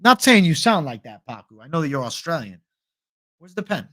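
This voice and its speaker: Young male stream host, slightly high pitch, dry close mic, loose profane chat. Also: very animated, brisk, pushed and bright, dry recording. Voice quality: casual, profane, reads chat aloud. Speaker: MMA livestream host. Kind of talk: casual livestream fight picks chat.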